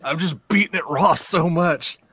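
A man's voice: fairly high pitch, normal speed, fairly bright tone, slightly rough, no room sound. A man co-hosting a podcast who teases his friends and laughs at his own crude jokes. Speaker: podcast co-host. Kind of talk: crude casual banter.

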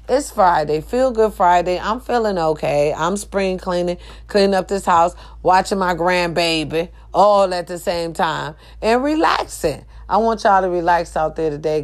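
A middle-aged woman, delivering a fiery, profane monologue that climbs to shouts. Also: fairly high pitch, very animated, moderate pace. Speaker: social media host. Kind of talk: impassioned monologue.

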